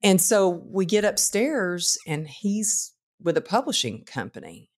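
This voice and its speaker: A woman guest author telling a personal story in casual conversation, animated and acting out the voices of people in it. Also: fairly low pitch, a little slow. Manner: animated, acts out quotes in the story.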